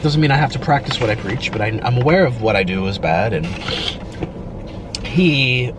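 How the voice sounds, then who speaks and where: Male creator, emotional, rambling, mid-pitched voice, steady noise behind him. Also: normal speed. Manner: rambling and emotional, heavy use of "like". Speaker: mukbang video creator. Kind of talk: emotional personal talk while eating on camera.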